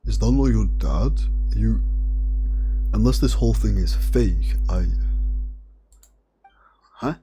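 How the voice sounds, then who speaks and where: A man's voice: lowish voice, expressive, slow, pauses often, dark tone, soft background music. A man streaming a game who chats casually over it, laughing often and calling people bro. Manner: chatty, laughing, says "bro".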